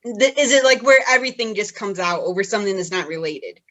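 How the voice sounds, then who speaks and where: A woman's voice: mid-range voice, expressive, quick pace, a bit bright. A woman co-hosting a podcast, upbeat and giggly, asking questions in casual conversation. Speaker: podcast co-host.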